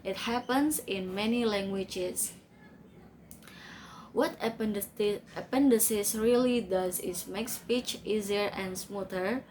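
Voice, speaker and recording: A woman reading a class presentation slowly and carefully, with small grammar slips. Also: medium pitch, a little mellow, slight background noise, low-quality recording. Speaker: student presenter.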